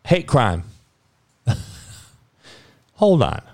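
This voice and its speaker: A podcast host ranting about sports and the news, swearing heavily and swinging from low muttering to loud outbursts. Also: male voice, very animated, drawn-out words, no room sound. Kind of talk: profane sports and news rant.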